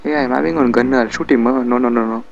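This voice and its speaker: A man's voice: medium pitch, steady tone, quick pace, vocal fry, lo-fi sound. A man with an Indian English accent doing a comic dub of a video game, bickering and muttering to himself as he goes.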